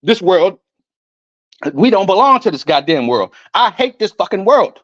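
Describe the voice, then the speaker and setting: Angry high-voiced man ranting. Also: big pitch swings, moderate pace, no room sound, muffled recording. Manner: angry, profane, preachy, quotes scripture. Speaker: online street preacher. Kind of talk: ranting religious monologue.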